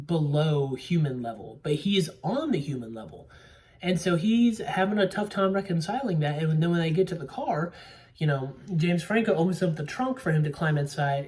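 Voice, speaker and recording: Somewhat far from the microphone, a young man who podcasts about movies walks through a plot in a fairly high, slightly mellow voice. His recap is loose and rambling, packed with fillers and an occasional curse.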